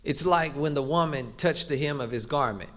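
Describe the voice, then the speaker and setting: A man's voice: fairly high pitch, normal speed, fairly bright tone. A middle-aged man preaching a sermon, emphatic and rhythmic, leaning on repeated phrases and rising for stress.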